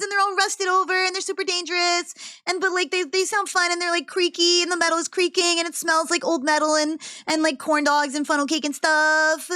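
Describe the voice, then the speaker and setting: A woman's voice: very high voice, level tone, fairly quick, sharp tone, no echo, faint music behind. A woman streaming a live video reaction, giggly and repeating lines for effect, on a close mic. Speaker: VTuber streamer.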